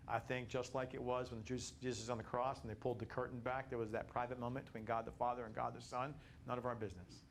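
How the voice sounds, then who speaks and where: A man teaching a Bible study class, animated and repetitive, building to emphatic peaks. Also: medium pitch, a little hiss or hum.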